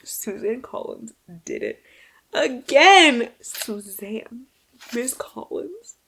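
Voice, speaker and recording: A young woman chatting casually about books she has read, animated and swearing freely, dropping to a mumble and then bursting into loud exclaims. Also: a little high, drawn-out words, creaky, a little hiss or hum. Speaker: book vlogger. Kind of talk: casual book wrap-up chat.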